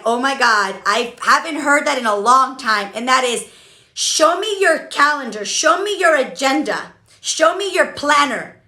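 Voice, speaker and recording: High, bright chatty woman in an echoey room. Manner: chatty, frank, keeps asking okay. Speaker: business coach hosting a live stream. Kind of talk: casual motivational talk to a live chat.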